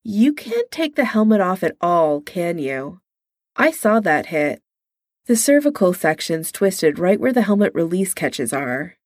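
A woman's voice: fairly low pitch, sing-song, measured pace, darkish tone, dry recording, studio quality. Woman reading as a wry teasing man. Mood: critical. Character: wry teasing engineer man, quick and glib.

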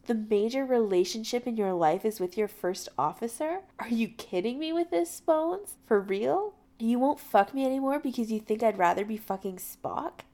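A woman's voice: a little high, brisk, few pauses, mellow, natural voice. A woman voicing a brash, eager young male starship captain who talks in a pleading, pushy way. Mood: insistent.

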